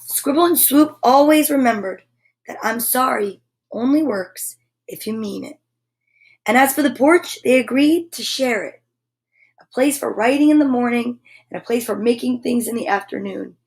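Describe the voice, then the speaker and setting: A woman reading a picture book aloud to children, expressive, with exclaimed asides. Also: fairly high pitch, moderate pace, vocal fry. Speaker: children's storyteller.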